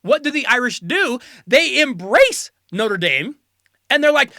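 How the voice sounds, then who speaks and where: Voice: high voice, big pitch swings, a little slow, pushed and bright, dry recording, clean studio sound. An American host giving a joking solo commentary, full of sarcastic asides. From United States.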